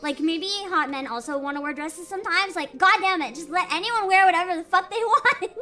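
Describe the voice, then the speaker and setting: A young woman streaming a game live, reacting excitably, swearing often and yelling at the game. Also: very high voice, a little fast. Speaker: VTuber streamer. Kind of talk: live gameplay commentary. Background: game music.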